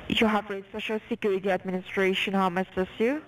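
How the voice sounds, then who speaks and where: A woman's voice: mid-range voice, level tone, quick pace, heavy background noise. Distant woman reading a phone script. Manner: formal scripted, turns to insults. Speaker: scam call center agent. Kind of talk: scripted phone scam pitch.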